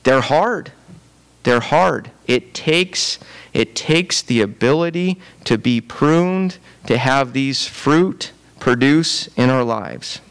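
A man's voice: medium pitch, slow, fairly bright tone, clear, resonant tone. A man preaching a sermon in a conversational, repetitive way, often checking in with "right?". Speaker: pastor.

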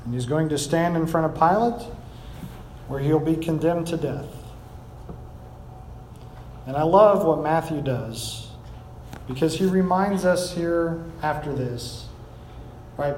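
A man's voice: a little high, a little slow, long pauses, darkish tone, reverberant, a little hiss or hum, low-quality recording. A man preaching a sermon, reading scripture aloud and explaining it with rising emphasis. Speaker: pastor.

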